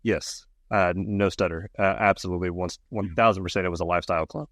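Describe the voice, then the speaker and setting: A man co-hosting a podcast in casual chat, with a deadpan delivery. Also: deep voice, fast talker, no room sound. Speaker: podcast co-host.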